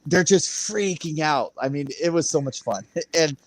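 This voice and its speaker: A man's voice: fairly high pitch, animated, moderate pace, no echo. A man chatting casually on a livestream, rambling through a story with frequent laughs and acted-out quotes. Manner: rambling, laughs often, acts out quoted voices. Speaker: guest on a crypto livestream.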